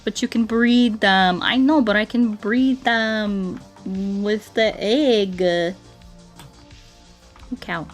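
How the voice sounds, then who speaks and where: A woman's voice: mid-range voice, fairly even intonation, very slow, soft background music. A woman streaming a game, chatting playfully with her viewers and breaking into silly songs and mooing. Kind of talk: casual gameplay commentary.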